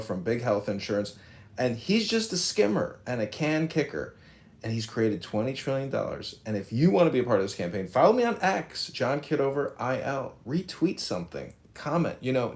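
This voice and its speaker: A man's voice: mid-range voice, a little mellow. Brash ranting man in an echoey room. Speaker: political candidate hosting a social audio room. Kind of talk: combative livestream rant. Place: his office.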